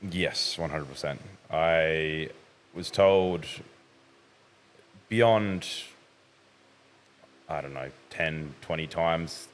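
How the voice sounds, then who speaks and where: A young man, a podcast guest talking through his recent past in a measured way, often hedging. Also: a bass voice. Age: young adult. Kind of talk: casual interview.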